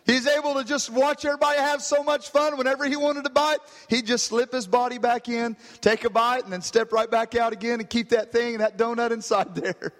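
A man preaching a sermon, dropping to quiet, low stretches and rising to shouted climaxes, with "hallelujah" and "glory to God" between lines. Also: steady tone, fairly quick. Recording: long reverb of a church hall.

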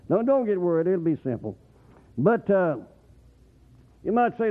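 A man preaching a rambling, folksy sermon, often swooping up into excited whoops. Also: high voice, normal speed, long pauses. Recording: tinny phone-like radio broadcast.

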